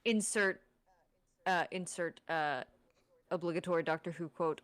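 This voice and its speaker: A woman's voice: deep voice, measured pace, dry recording. Chatty woman, dry close sound. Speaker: player. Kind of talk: tabletop role-play chat.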